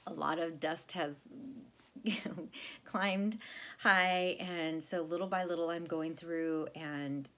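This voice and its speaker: A woman's voice: deep voice, fairly even intonation, takes it slowly, fairly bright tone. Chatty rambling woman vlogger. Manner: rambling, chatty, laughs often, self-deprecating. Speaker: FlossTube vlogger. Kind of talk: casual chat to camera.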